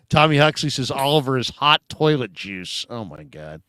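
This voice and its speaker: A man's voice: mid-range voice, very animated, a little slow, bright, forceful tone, smooth, no echo, studio quality. A man hosting a casual sports talk show, chatting about football and reading out viewer comments with playful asides. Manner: chatty, reads out fan messages with playful asides.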